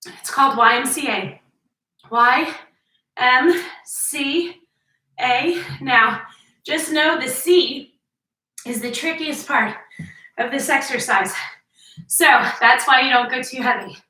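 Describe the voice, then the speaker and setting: A woman's voice: sits high, takes it slowly, long pauses, bright, forceful tone. A middle-aged woman, out of breath and sighing between sets, leading a workout and coaching the form while she counts reps. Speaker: fitness instructor. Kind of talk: workout instruction. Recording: echoey room, mic at a distance.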